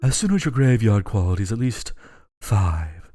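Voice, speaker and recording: A weary, pompous old bishop, played by a man sighs his way through his complaints in a lowered, condescending voice. The recording is dry and close. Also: very animated, normal speed, dark tone, dry recording. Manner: sighing, condescending.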